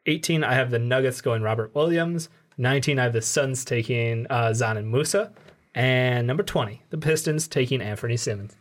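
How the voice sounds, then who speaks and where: A male co-host in casual sports podcast chat. He reads his picks plainly and cuts in with brief, wry comments. His voice is mid-pitched. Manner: wry, short interjections.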